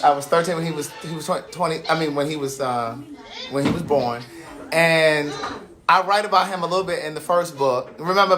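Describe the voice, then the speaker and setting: A man's voice: on the high side, bright, forceful tone. A man in his forties hosting a casual live stream from home, chatty and often laughing. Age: 40s. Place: at home with family around.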